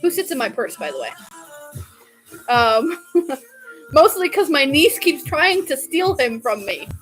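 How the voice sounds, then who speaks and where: A woman's voice: sits high, very animated, slow pace, a bit bright, soft background music, low-quality recording. A young woman vlogging in a casual, chatty way, gushing and laughing often. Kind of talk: casual chat.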